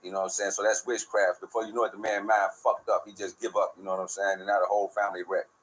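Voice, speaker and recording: Fast-talking, profane, preachy streetwise man. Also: on the low side, level tone, fairly bright tone, poor audio. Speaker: show host. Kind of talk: casual spiritual monologue.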